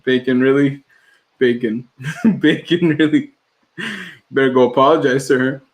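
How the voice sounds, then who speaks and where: A man's voice: mid-range voice, fairly even intonation, a little slow, poor audio. A man co-hosting a casual livestream podcast from home, rambling and laughing often. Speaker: podcast co-host.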